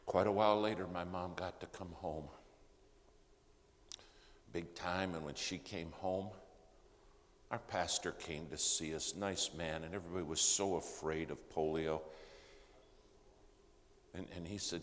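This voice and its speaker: Very deep-voiced older preacher in a reverberant hall. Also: male voice, steady tone, unhurried, long pauses, a little hiss or hum. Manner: dramatic, swings from loud to hushed. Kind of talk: sermon storytelling. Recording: long reverb of a big hall, faint ambience.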